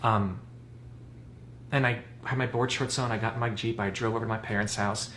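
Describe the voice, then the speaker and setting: A man's voice: lowish voice, fairly even intonation, brisk, a bit bright. A man in his forties, a guest in casual chat, telling personal stories in a candid, rambling way. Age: 40s. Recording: roomy with faint noise.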